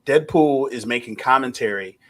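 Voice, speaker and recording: A man co-hosting a podcast, chatting casually and acting out quotes in an animated storytelling way. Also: medium pitch, moderate pace. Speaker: podcast co-host. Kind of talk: casual chat.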